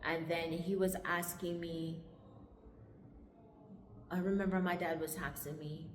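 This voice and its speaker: Jamaican woman, lowish voice, casual life story, echoey room with long reverb. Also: level tone, noisy background. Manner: halting, conversational retelling.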